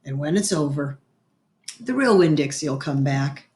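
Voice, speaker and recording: A woman voicing a gentle, drowsy middle-aged preacher in a read-aloud storybook. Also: sits low, echoey room, pitched below the performer's own voice. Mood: calm. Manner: slow, calm and measured.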